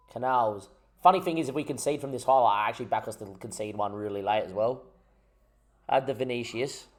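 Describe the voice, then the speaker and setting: A young man giving frustrated, rambling commentary over his own gameplay, swearing often. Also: mid-range voice. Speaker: gaming YouTuber.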